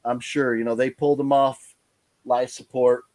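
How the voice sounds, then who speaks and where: A man's voice: mid-range voice, little pitch movement, moderate pace, a little mellow, dry recording. Tired man rambling on a live stream. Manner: rambling, many fillers and restarts. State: tired, yawning. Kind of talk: casual live stream chat.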